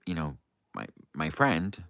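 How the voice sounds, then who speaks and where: Young man, from the US, very low voice, rambling casual storytelling, livestream, dry close sound. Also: very animated, slow pace, gravelly, pushed and bright, no echo. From United States. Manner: rambling, heavy on fillers. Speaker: livestream host. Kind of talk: casual storytelling to a live chat.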